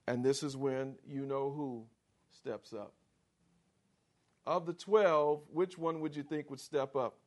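A man preaching a sermon, slow and emphatic, reading scripture aloud and driving his points home with rising force. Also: fairly high pitch, steady tone. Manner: slow, emphatic preaching with sharp rises for quoted lines. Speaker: pastor.

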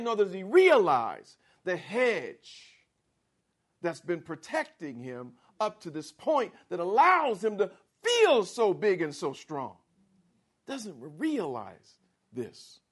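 A man preaching a sermon, slow and emphatic, reading scripture aloud and driving his points home with rising force. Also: sits high. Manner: slow, emphatic preaching with sharp rises for quoted lines. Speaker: pastor.

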